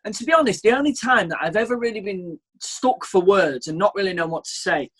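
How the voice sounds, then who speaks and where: A man's voice: high-pitched, fairly quick, fairly bright tone, breathy edge. A man co-hosting a podcast in casual, self-deprecating chat with loose swearing. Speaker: podcast co-host.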